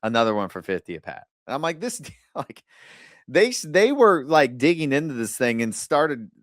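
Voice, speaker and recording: A man hosting a podcast, giving casual advice in a blunt, animated way with the odd curse word, acting out other people's lines in quick asides. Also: mid-range voice, dry recording, studio quality. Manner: blunt, animated storytelling with occasional swearing. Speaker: podcast host.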